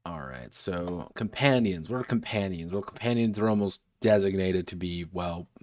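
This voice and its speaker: A man's voice: low-pitched, normal speed. A man streaming as he designs a tabletop game, thinking aloud in a muttering way, often correcting himself and swearing casually.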